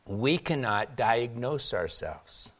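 A man preaching a sermon to his congregation, animated, asking rhetorical questions and acting out quotes. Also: medium pitch, takes it slowly. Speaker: pastor.

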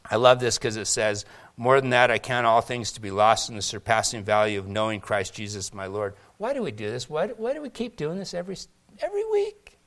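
A man preaching a sermon to his congregation in a conversational way, calling on people by name and swinging between loud emphatic peaks and quiet, slow stretches. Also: on the low side. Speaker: pastor.

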